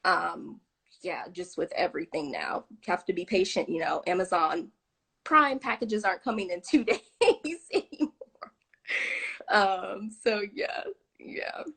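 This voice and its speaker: A woman's voice: on the low side, a little slow, gravelly, fairly bright tone, husky. A woman in her thirties, a guest chatting on a video call, with lots of ums and frequent laughs. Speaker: interview guest. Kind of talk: casual video-call interview.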